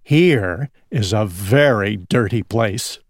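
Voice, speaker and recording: A man's voice: fairly low pitch, animated, dry recording, clean studio sound. Man reading as a small mud-loving pig. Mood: content. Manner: slow, drawn-out reading. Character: small male pig who loves mud.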